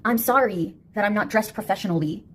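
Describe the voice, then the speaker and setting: A woman's voice: mid-range voice, brisk, slight background noise. A woman with a sardonic, mocking manner, delivering a casual monologue.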